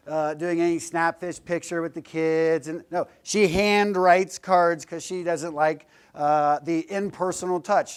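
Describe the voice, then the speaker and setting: A man's voice: fairly high pitch, clean tone. A man giving a casual, joking motivational talk as a guest speaker to a class, blunt and a little profane. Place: classroom lecture.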